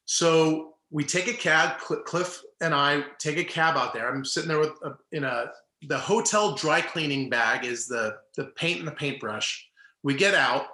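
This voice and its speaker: A man's voice: fairly high pitch, unhurried, reverberant. A middle-aged man, a former ballplayer, telling a story in casual chat and acting out the people in it. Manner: animated, acts out quoted people. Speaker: former baseball player, guest.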